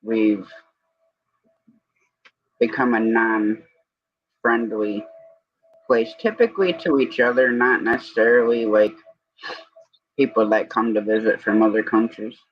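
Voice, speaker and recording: A husky man chats in an easygoing, joking way on a live stream. His voice is mid-pitched and dry. The audio is a little dull and lo-fi. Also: slow pace, pauses often, dry recording. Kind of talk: casual chat on a live stream.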